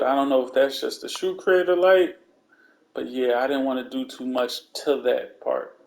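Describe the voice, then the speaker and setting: A man giving a casual, slangy voice-over, calmly walking through steps one by one. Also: mid-range voice, vocal fry. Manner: relaxed, laid-back step-by-step instructions; slangy, conversational asides. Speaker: video game content creator.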